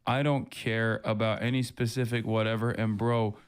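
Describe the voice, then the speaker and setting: A man's voice: lowish voice, little pitch movement, smooth. Man reading chat aloud on a livestream. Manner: reads chat messages in a mocking tone, laughs often, fast asides. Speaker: livestream host.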